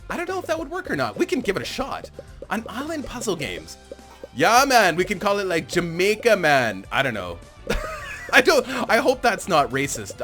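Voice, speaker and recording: Chatty man doing lively gameplay commentary. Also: high-pitched. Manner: chatty, rambling, self-amused, laughs often. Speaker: gaming channel host.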